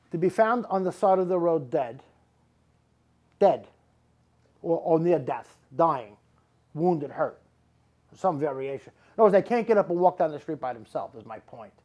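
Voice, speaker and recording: A middle-aged man works a live audience as a psychic medium. His voice sits a little high, and he talks in rambling, emphatic runs, repeating words again and again to drive a point home. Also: darkish tone, lo-fi sound. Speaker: psychic medium giving readings.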